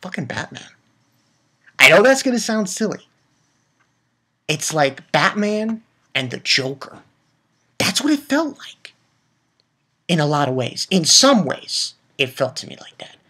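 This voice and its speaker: Husky guy hyped up recapping an anime ep, swears a lot, trips over his words. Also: fairly high pitch, unhurried, pauses often. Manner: excitable, profane, lots of restarts. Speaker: anime reviewer. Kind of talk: casual episode recap.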